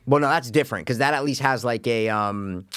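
A man's voice: medium pitch, a little fast, fairly bright tone, clear, resonant tone, no echo, studio quality. A man co-hosting a podcast, chatting casually and arguing animatedly, swearing freely. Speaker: podcast co-host. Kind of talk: casual chat.

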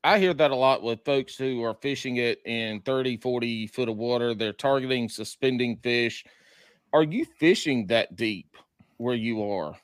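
A man co-hosts a podcast, chatting casually while asking pointed questions. His medium-pitched voice is clear and resonant at a moderate pace, captured in a dry, clean studio recording.

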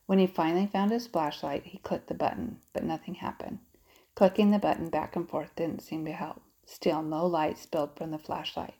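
A woman narrating a children's audiobook in a steady, expressive storytelling manner. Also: low voice, moderate pace, rough recording.

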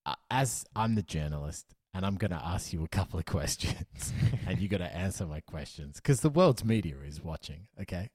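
An Australian man hosting a podcast in casual chat, teasing and quick-witted, setting up comic bits. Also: low-pitched, lively intonation, darkish tone, breathy edge, no room sound. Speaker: podcast host.

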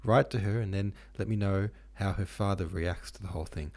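A scheming society hostess from a storybook, as a male narrator puts her on. She speaks quietly, conspiratorially. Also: deep voice, a little fast. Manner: hushed, conspiratorial.

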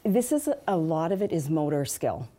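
A speech and accent specialist answers interview questions in a measured, practical way, often using fillers. Her voice is low and mellow, with big swings in pitch.

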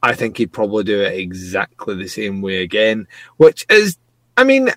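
Excitable swearing man reviewing TV. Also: fairly low pitch, normal speed. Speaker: podcast co-host. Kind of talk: casual TV review chat.

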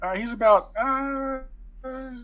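A man taking part in a tabletop game as a player, talking in an animated, casual way. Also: extremely high pitch, slow pace.

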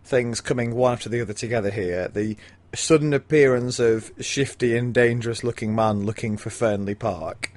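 Guy chatting about a book, dry and understated, mid pitch. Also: normal speed, few pauses, darkish tone. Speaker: podcast co-host. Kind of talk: casual book discussion.

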